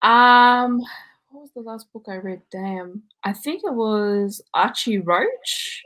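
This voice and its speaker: A woman guest on a casual podcast chat, relaxed and candid, laughing a lot. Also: mid-range voice, slow pace, low-quality recording. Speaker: podcast guest, book reviewer.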